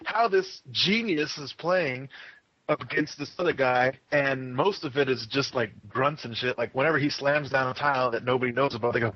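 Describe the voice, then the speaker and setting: A man's voice: medium pitch, brisk. A man in a casual review chat who swears a lot and laughs often. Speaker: podcast co-host. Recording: dull lo-fi audio.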